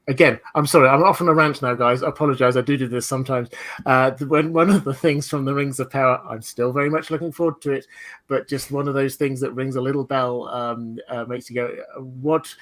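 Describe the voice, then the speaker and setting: A man's voice: medium pitch, a bit bright. A man hosting a livestream discussion, talking in a rambling, digressive way with many fillers and restarts. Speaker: host.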